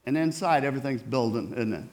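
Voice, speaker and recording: A man's voice: mid-range voice, fast, darkish tone. A male preacher giving a sermon in a conversational way, often asking his listeners questions. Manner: conversational, asks the audience questions.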